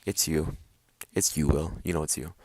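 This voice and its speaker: A young man hosting a podcast, ranting casually and profanely, with bursts of loud mock voices. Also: extremely low pitch, moderate pace. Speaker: podcast host. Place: bedroom.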